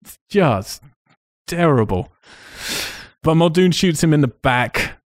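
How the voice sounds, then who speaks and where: A man's voice: fairly high pitch, expressive, slow pace, no echo, clean studio sound. A man hosting a casual podcast, retelling a film's scenes with swearing and laughs. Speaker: podcast host. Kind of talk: casual film review chat.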